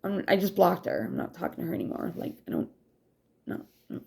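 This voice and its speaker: A woman's voice: lowish voice, big pitch swings, a little fast, creaky, darkish tone. A woman in her thirties from New England, telling stories from her past in a frank, rambling, profane way, drifting from one story to the next. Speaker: vlogger. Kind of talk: casual storytelling monologue.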